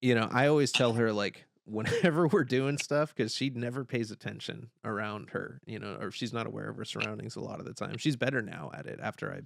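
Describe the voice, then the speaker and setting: A young man hosting a podcast, telling a story in casual chat, animated and swearing, loudly yelling the lines he quotes. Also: on the low side, a little fast, creaky, hardly any pauses, dry recording, studio quality. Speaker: podcast host.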